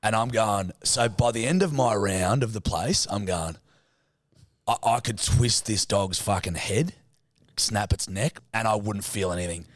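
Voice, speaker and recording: A young adult man with an Australian accent, co-hosting a podcast and telling an animated, sweary story in casual chat. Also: lowish voice, measured pace, no echo, clean studio sound. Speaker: podcast co-host.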